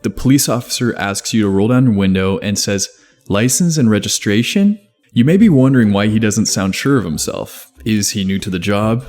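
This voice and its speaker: A man narrating a scripted video essay in a measured, even explanatory way. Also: lowish voice. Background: faint background music.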